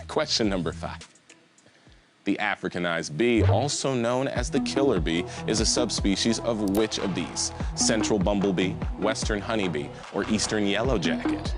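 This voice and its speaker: A man's voice: lowish voice, moderate pace, music in the background. A man hosting a live trivia game show, reading questions and cracking goofy jokes between them. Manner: jokey, animated, goofy asides.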